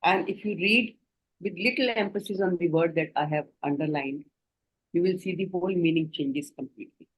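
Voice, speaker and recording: A woman's voice: lowish voice, brisk, low-quality recording. A woman with an Indian English accent giving an online training lecture to doctors, explaining points earnestly and speaking directly to her trainees over a video call.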